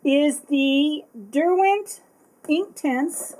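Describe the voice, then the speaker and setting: A bubbly, excitable woman chatting casually as she unboxes art supplies, often apologizing. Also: sits high, drawn-out words, poor audio. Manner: reads product text aloud.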